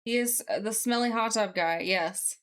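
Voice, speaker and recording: A young woman live streaming as she codes, reading chat aloud and thinking out loud with many fillers. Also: fairly high pitch, normal speed. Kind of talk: casual live-stream chat while coding.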